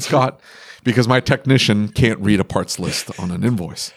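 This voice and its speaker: A man's voice: mid-range voice, normal speed. A man hosting a podcast, talking about running his repair shop in a casual, emphatic way, repeating his points and laughing often. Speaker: podcast host and auto repair shop owner.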